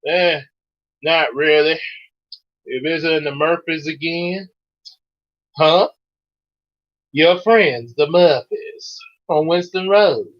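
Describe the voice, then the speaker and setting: A man's voice: a little high, slow pace, long pauses, dull audio. A man reading dialogue for young teens in a put-on New York accent, clipped and dismissive. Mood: offhand.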